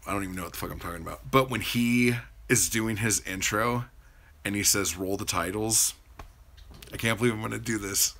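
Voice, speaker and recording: On a livestream, a man with a very low, gravelly voice that carries a bright edge talks slowly and loosely. He rambles from one story to the next, responds to viewers in the chat and swears freely.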